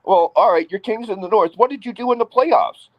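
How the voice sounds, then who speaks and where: A man's voice: sits high, brisk, dry recording, highs cut off. A man co-hosting a casual sports talk show, brash and mocking, often repeating himself as he gets going.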